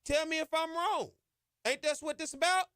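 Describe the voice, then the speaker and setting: Fired-up high-voiced podcast host. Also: male voice, steady tone, moderate pace, bright, forceful tone, dry recording, clean studio sound. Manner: emphatic, preachy, colloquial with "y'all" and "ain't". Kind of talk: impassioned sports podcast monologue.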